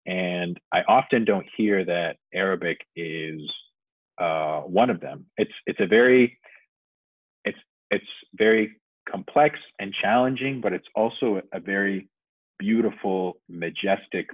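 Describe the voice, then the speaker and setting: A man's voice: sits low, unhurried, no room sound. A man as a podcast guest, explaining things thoughtfully at length in casual conversation. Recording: dry, phone-like remote audio.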